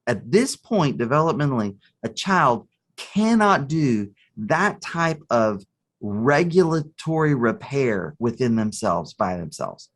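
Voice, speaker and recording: A man, a therapist guest on a podcast, explaining with a story and clinical terms. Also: medium pitch. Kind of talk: podcast interview.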